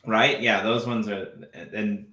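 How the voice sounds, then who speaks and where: A man with a bright, forceful voice talks casually on a live stream, rambling, stumbling over repeated words and breaking into laughs. The sound is roomy, with echo around him. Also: fairly low pitch, level tone, takes it slowly. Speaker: co-host. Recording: echoey room.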